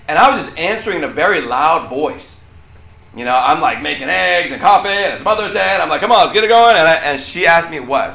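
Loud, bright-voiced man preaching in a roomy hall. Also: medium pitch, slight background noise. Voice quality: loud voice that carries. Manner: conversational, often checks in with 'right?'. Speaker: youth pastor. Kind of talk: casual youth sermon. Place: room with a student group. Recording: roomy echo.

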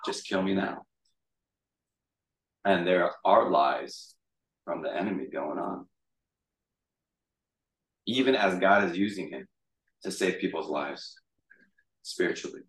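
Lowish-voiced man leading Bible study. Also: unhurried, pauses often. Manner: chatty, jokey, animated retelling. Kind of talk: casual Bible teaching. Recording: echoey room, mic far off.

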